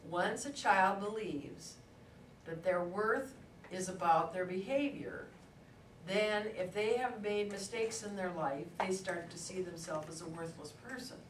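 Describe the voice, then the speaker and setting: A woman speaking at a measured pace in a medium pitch tells stories as she lectures adults in a conversational way. The lecture room recording is distant and echoey, with faint ambience and slight background noise.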